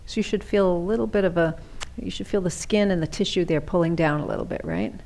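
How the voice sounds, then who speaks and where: A middle-aged woman leading a seated yoga class, giving gentle, chatty cues and often checking in with "right?". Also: on the low side, quick pace, a little hiss or hum. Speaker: chair yoga instructor.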